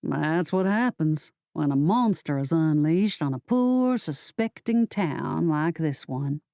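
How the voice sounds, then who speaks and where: A gloating male sorcerer , put on by a woman reading an audiobook, drawls his taunts in a low, unhurried voice. The tone is mellow and dry, each word laced with mockery. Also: animated, creaky, dry recording, heavily acted. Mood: smug. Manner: slow, low and mocking. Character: smug scheming male sorcerer villain.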